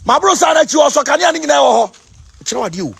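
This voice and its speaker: A man with a Ghanaian accent, preaching in an excited chanting call-and-response style, repeating his phrases over and over. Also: extremely high pitch, rapid-fire, gravelly. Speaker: self-styled spiritual leader.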